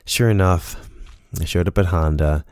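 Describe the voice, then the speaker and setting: Deep earnest man telling a lesson. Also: normal speed, darkish tone, smooth, no echo, studio quality. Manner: earnest, storytelling with quoted dialogue. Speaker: speaker sharing a personal lesson. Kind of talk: casual monologue.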